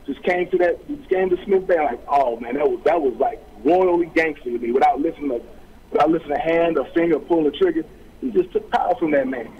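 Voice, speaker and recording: A man's voice: on the high side, fast, narrow, tinny audio. A middle-aged man, a guest author, telling his story in an interview with streetwise slang, acting out quoted voices.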